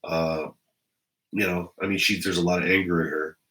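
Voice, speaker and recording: Middle-aged ex-cop, very low voice, blunt and profane, rambling casual delivery. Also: male voice, fairly even intonation, normal speed, pushed and bright, rough recording. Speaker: retired police officer vlogger.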